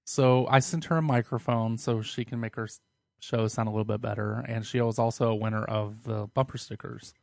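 A man's voice: medium pitch, steady tone, a little fast, gravelly, darkish tone, dry recording. A young man co-hosting a casual podcast, playful and giggly. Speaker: podcast co-host.

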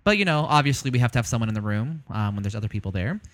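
A man's voice: mid-range voice, big pitch swings, very fast, a bit bright. Rambling joking male co-host. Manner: joking, crude, rambling with many ums. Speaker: co-host of a live show. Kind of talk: casual banter.

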